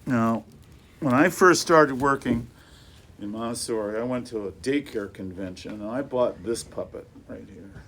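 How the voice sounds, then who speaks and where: A man's voice: medium pitch, moderate pace, fairly bright tone, a little hiss or hum. Playful man leading a singing workshop. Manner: chatty, breaks into playful sung rhymes. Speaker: music workshop leader. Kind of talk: teaching workshop with sung demonstrations. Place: classroom with a group of teachers.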